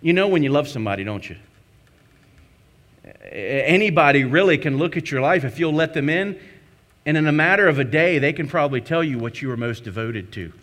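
A man's voice: on the high side, animated, a little fast, fairly bright tone. A man preaching a sermon to his church, emphatic, with repeated phrases and rhetorical questions. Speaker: pastor.

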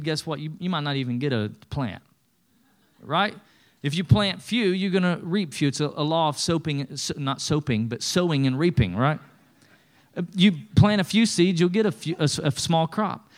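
Animated, slightly high-voiced male pastor. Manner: animated, conversational preaching with quick acted-out asides. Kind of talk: sermon.

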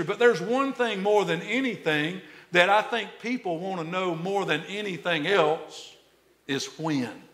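A man preaching a sermon as a pastor, animated, repeating words as he builds and then dropping to a hush for emphasis. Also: high-pitched. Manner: animated, repeats words when excited, drops to hushed tones for emphasis.

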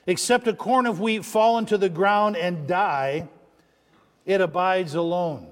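A male pastor with a high voice delivers a sermon, building emphasis and pausing to ask his congregation call-and-response questions. His voice rings with the long reverb of a church sanctuary.

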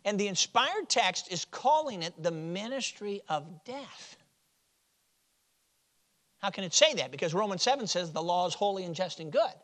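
A man from Chicago preaching a sermon, moving from loud stressed phrases to quiet, low drops. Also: big pitch swings, normal speed. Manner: swings from loud emphasis to quiet drops, with chuckles.

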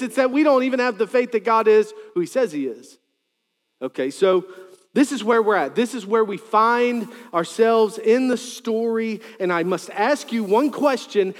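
A male pastor preaching a sermon, animated, with joking asides and sudden loud quoted lines. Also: sits high, in a large hall.

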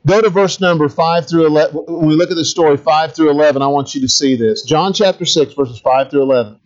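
A man's voice: fairly high pitch, fast, muffled recording. A middle-aged man, a pastor, preaching a conversational sermon, asking the congregation questions and adding humorous asides.

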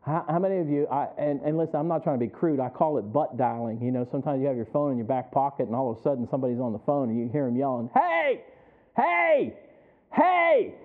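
A man's voice: medium pitch, fairly even intonation, very fast, hardly any pauses. A middle-aged man preaching a sermon. He talks conversationally, often chuckling, and keeps asking the congregation to answer him back. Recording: tinny phone-like sound.

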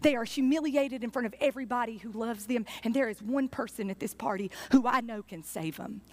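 A heartfelt mother Mary urging her grown son to step forward, as a woman preacher acts her out. Her voice is high and earnest, close to an everyday speaking tone. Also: a little fast, a little mellow, natural voice.

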